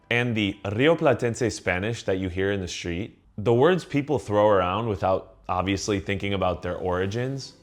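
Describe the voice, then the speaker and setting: Man, low voice, scripted educational narration, measured delivery, faint music underneath. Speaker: channel host explaining word origins.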